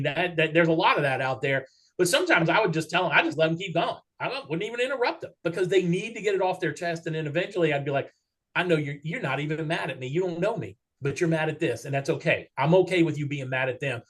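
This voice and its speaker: Animated male storyteller, fairly high voice. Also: husky. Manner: animated storyteller who acts out quoted dialogue. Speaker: guest, regional vice president of an auto parts chain. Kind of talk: casual interview storytelling.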